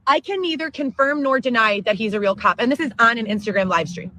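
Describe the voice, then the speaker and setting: Excitable high-voiced woman ranting. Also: rough recording. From Chicago area, Illinois. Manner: profane, excitable, rapid storytelling. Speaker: livestreamer. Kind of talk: ranting livestream monologue.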